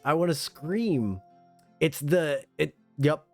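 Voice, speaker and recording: A man streaming a game, chatting in an excitable, rambling, self-mocking way from a home setup. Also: a little high, slow pace, no room sound, soft background music. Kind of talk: casual game stream commentary.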